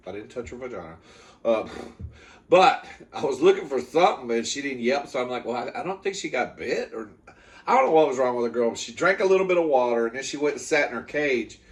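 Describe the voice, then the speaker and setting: A man hosting a comedy eating show, telling a story in a campy, profane, chatty way, calling the viewer "girl" and jumping into loud high yelps when he quotes himself or scolds his dogs. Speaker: comedy mukbang host. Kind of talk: casual storytelling to camera.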